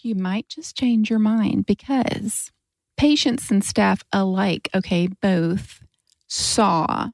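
A woman's voice: mid-range voice, takes it slowly, creaky, no echo. A woman co-hosting a podcast, telling a spooky story in a dramatic, teasing way. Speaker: podcast co-host. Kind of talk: casual storytelling chat.

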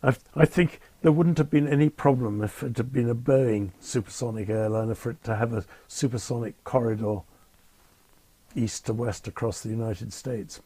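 A man's voice: medium pitch, normal speed, mellow, husky, no echo. An older man, a retired airline captain telling wry, understated stories in an interview. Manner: wry, understated, dryly amused. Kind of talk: anecdotal interview storytelling.

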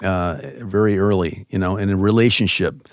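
A man from Chicago, a guest in an interview, telling stories in a loose, animated way with many fillers. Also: low-pitched, moderate pace, dry recording, clean studio sound. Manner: animated, lots of "you know" fillers. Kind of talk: conversational interview storytelling.

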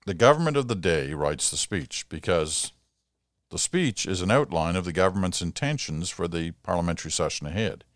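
A man's voice: low-pitched, animated, normal speed, dry recording, studio quality. An older man hosting a podcast, reading listener letters aloud and answering them in a conversational, explanatory way. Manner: conversational, explanatory, occasional chuckle.

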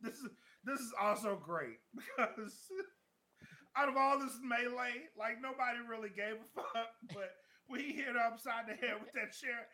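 A man co-hosting a podcast, chatting casually and tossing in quick jokes and reactions. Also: very high voice, noisy background. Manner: quick reactive interjections, joking along. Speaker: podcast co-host. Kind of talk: casual chat reacting to video clips.

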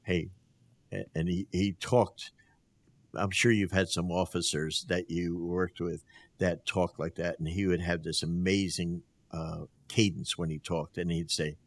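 Low-voiced older man telling stories. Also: unhurried. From New Jersey. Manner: animated storyteller who acts out quotes, laughs often. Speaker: guest, basketball coach. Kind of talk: casual storytelling interview.

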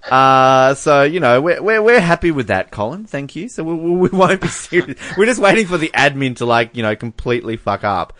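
Jokey, lively podcast host. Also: male voice, a little high, fairly quick, few pauses, dry recording, studio quality. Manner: jokey, laughs often, reads out fan messages. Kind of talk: casual chat.

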